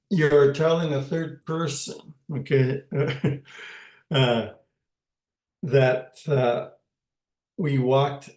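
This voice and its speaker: Slow, patient man teaching a language. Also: mid-range voice, darkish tone, reverberant. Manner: slow, patient, repeats words and says "okay" often. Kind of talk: language lesson.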